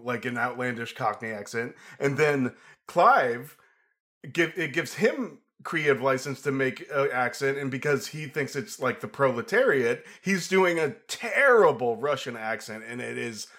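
Playful male podcast co-host, lively pitch. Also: a little slow. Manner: playful, joking, excitable. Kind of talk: casual film review chat.

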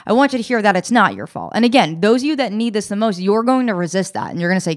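A woman's voice: medium pitch, big pitch swings. Woman, podcast co-host, earnest, encouraging, casual self-help talk. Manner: earnest, encouraging, retells scenes in quick voices.

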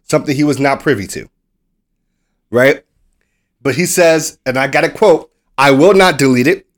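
Animated American man telling a sports story. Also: fairly high pitch, normal speed. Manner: animated storyteller, acts out quoted people; swears casually. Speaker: podcast co-host. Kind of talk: casual sports chat.

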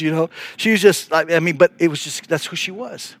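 Middle aged pastor guy telling a story in a sermon, kinda high voice, restarts a lot, dry room. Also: a little fast, hardly any pauses, no echo. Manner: earnest, animated storytelling with restarts.

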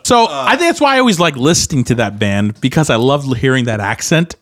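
A man's voice: medium pitch, sing-song, fast talker, a bit bright. A young man co-hosting a casual podcast, telling stories with lots of swearing and laughter. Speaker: podcast co-host. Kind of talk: casual chat.

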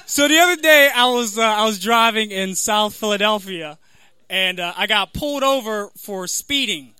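A young adult man doing a stand-up comedy set, halting and self-deprecating with lots of fillers. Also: sits high, lively intonation, bright, forceful tone, clean tone, dry recording. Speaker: stand-up comic.

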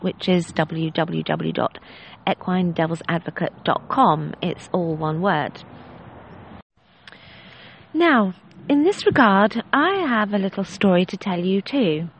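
A woman's voice: fairly low pitch, lively intonation, a little slow, vocal fry, a little hiss or hum, poor audio. A woman hosting a podcast, reading a listener's story and telling her own anecdotes. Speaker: podcast host.

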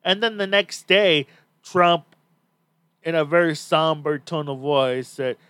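Male podcast host, casual chat, blunt, swears a lot, slightly high voice, dry close sound. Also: fairly even intonation, slow pace, fairly bright tone, clean tone, dry recording.

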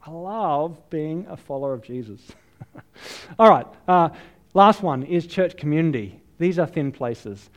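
An Australian man preaching a sermon, telling a self-deprecating story in a lively, chatty way. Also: fairly high pitch, a little slow. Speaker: pastor. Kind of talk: sermon with personal anecdote.

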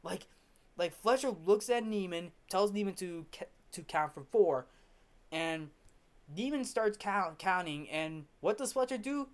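A man's voice: high-pitched, expressive, a little slow. A man hosting a film review, recapping scenes casually with many restarts and repeated words.

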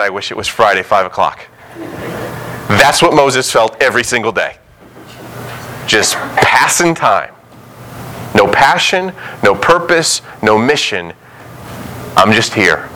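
A man's voice: medium pitch, bright, forceful tone, a little hiss or hum, poor audio. A man preaching a sermon in a conversational way, now and then acting out the voices of biblical figures. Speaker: pastor.

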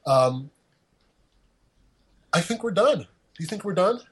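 A man's voice: sits high, very animated, takes it slowly, husky, low-quality recording. A man hosting a podcast in casual chat, rambling and jokey with lots of fillers. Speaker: podcast host.

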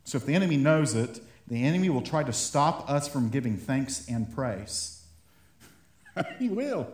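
A pastor with a medium-pitched, slightly mellow voice preaches at a moderate pace. His sermon feels conversational, with small quotes acted out as he builds toward fired-up emphasis, all in an echoey room.

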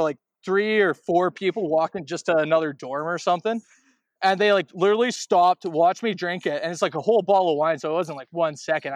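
A man's voice: high-pitched, no echo. A young Canadian man co-hosting a casual podcast, telling rambling stories full of restarts and swearing. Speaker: podcast co-host. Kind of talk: casual chat.

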